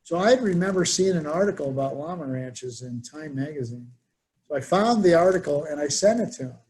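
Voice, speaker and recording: A man's voice: fairly high pitch, lively intonation, a little fast, darkish tone. A man presenting a workshop, telling anecdotes and acting out the people he quotes. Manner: storytelling, acts out quoted voices. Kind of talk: conversational workshop talk.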